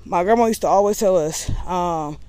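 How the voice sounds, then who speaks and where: A woman's voice: fairly low pitch, moderate pace, warm tone, no echo. A woman vlogger in casual talk to camera, candid and rambling with a sassy edge.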